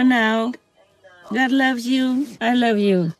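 A soft-spoken vlogger who talks gently and affectionately, as in a spoken diary at night. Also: mid-range voice, steady tone, slow, faint music behind, poor audio. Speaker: vlogger speaking to a visiting fox spirit. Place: outdoors at night by a forest.

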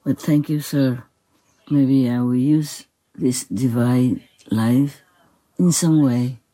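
Soft-spoken, reverent, slow speaker. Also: mid-range voice, fairly even intonation, low-quality recording. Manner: soft-spoken, reverent, humble, with gentle laughs. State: voice a little strained. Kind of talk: devotional spoken dialogue.

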